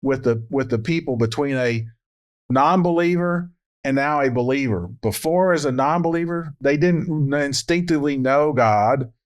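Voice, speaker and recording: A man co-hosting a Bible study, explaining Greek word meanings in a measured way. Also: medium pitch. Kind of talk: verse-by-verse Bible study discussion.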